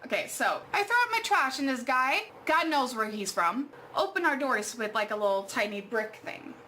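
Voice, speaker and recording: A woman's voice: on the high side, expressive, moderate pace, bright, forceful tone, slight background noise. A young adult woman vlogging at home, telling an exasperated story full of fillers and swearing. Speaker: art vlogger. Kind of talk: casual storytime vlog.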